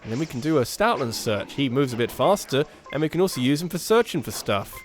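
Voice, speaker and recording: A man's voice: medium pitch, big pitch swings, fast. A young man giving jokey, self-mocking commentary as he plays through a game, swearing casually. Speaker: gaming YouTuber. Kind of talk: let's play commentary, reading game dialogue in put-on voices. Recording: faint game music behind.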